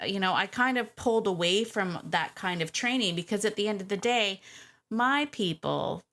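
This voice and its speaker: A woman hosting a dog-training podcast, chatty and animated, laughing often. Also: on the low side. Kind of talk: casual podcast chat.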